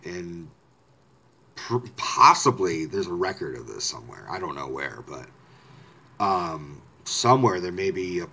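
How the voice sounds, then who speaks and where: A man's voice: deep voice, bright, forceful tone. A man telling a personal story in a casual, rambling way, often correcting himself and swearing.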